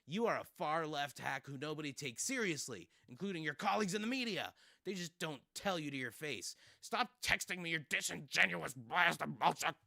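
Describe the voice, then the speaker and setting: A man's voice: fairly high pitch, lively intonation, normal speed, gravelly, hardly any pauses, bright, forceful tone, no echo, voice pushed up, exaggerated voice. A man doing an impression of a combative female press secretary, scornful and snippy.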